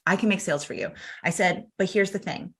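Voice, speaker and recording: Animated woman telling stories, bright voice. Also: on the low side, fairly quick. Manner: animated, acts out quoted dialogue, laughs often. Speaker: podcast guest. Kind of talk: casual storytelling interview.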